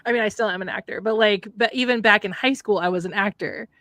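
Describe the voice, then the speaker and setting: A chatty woman with a light Minnesota accent rambles her way through a casual livestream conversation. Her voice sits at an ordinary pitch and sounds close and dry, with no room around it. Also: fast talker, a bit bright, dry recording. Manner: chatty, rambling, drops in Norwegian words. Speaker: livestream co-host. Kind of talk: casual chat. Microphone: remote streaming setup.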